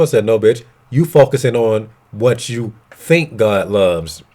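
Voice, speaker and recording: Blunt low-voiced man ranting. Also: lively intonation, measured pace, dark tone. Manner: blunt, profane, confrontational; retells arguments with quoted dialogue. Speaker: vlogger. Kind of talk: casual ranting monologue.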